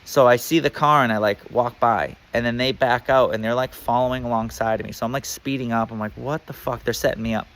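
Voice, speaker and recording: A man's voice: medium pitch, steady tone, fast, few pauses, a bit bright. A man telling a personal story in a casual, rambling way, full of fillers and swearing.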